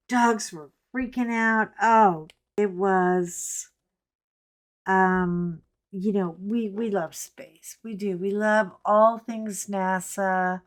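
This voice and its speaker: A woman's voice: mid-range voice, steady tone, slow pace. A middle-aged woman chatting casually while she colors, rambling with joking asides. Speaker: coloring vlogger.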